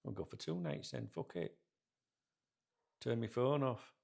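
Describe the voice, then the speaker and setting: A man's voice: mid-range voice, very animated, a little slow, creaky, a little mellow. A middle-aged man, hosting a football channel and grumbling to camera in a rambling, sweary, casual rant. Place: sat in a chair indoors.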